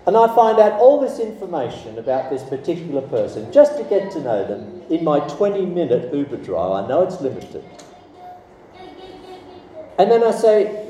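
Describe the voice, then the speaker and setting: Lively pastor preaching. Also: male voice, on the high side, normal speed. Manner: lively, conversational preaching with asides. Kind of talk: sermon. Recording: roomy hall, voice from a distance, faint background noise.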